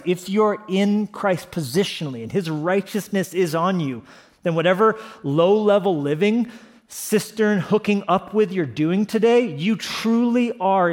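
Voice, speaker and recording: A man preaching a sermon as pastor, passionate and emphatic, building to fervent peaks. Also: sits high. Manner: impassioned, rising to emphatic peaks.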